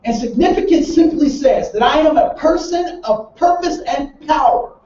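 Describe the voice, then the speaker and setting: High-voiced male trainer in echoey room. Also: lively intonation, normal speed, dark tone, a little hiss or hum. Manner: storytelling with rhetorical questions to the audience. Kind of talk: training seminar talk. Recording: roomy, distant, dull sound.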